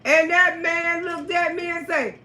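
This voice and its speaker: A woman telling a personal story on a casual livestream, animated and profane, chatting with viewers by name. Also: very high-pitched, a little slow, roomy sound.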